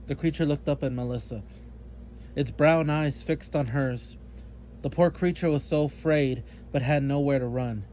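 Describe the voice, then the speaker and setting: A man reading a children's story aloud in a calm, measured narrating voice. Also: medium pitch, slight background noise.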